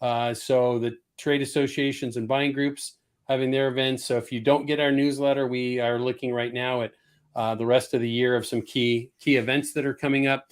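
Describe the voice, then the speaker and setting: A man's voice: medium pitch, level tone, normal speed, clean tone. A man hosting a business webcast in a friendly, casual way, often repeating words. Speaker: host.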